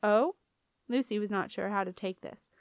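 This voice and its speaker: A woman reading a children's fantasy novel aloud in an even, expressive style. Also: mid-range voice, brisk, clean tone, dry recording, clean studio sound. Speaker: audiobook reader. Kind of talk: storybook narration.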